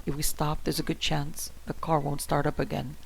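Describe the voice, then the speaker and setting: A man's voice: fairly high pitch, monotone, normal speed, vocal fry, fairly bright tone, breathy edge, heavily acted, rough recording. A man voicing the narrator's wife, a stern woman who speaks curtly and firmly. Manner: curt and firm.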